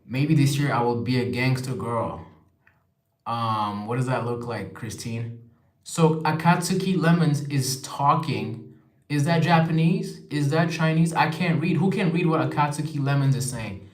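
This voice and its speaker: A man's voice: mid-range voice, unhurried. Young man chatting on a livestream, echoey room. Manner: chatty, reads viewer comments aloud and replies. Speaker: livestream host. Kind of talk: casual live-stream chat.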